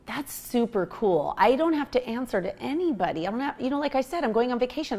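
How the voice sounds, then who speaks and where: A woman in her thirties talks in a casual, upbeat way as a team coach pitching the job to newcomers. Her talk is chatty and full of fillers and restarts, at an everyday middle pitch. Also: a little mellow.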